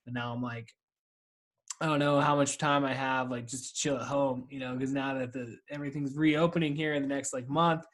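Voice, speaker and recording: A man's voice: medium pitch, steady tone, fairly quick, fairly bright tone. A man in his thirties hosting a solo podcast while stoned, rambling in a loose, profane way, laughing and talking back to himself over a video call. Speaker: podcast host.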